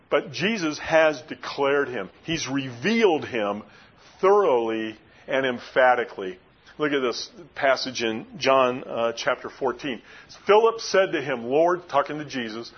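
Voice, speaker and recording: A male pastor delivering a sermon with emphatic, rising and falling preaching. His voice sits a little high and sounds husky. The recording is dull and lo-fi. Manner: emphatic preaching, swings between raised and hushed delivery.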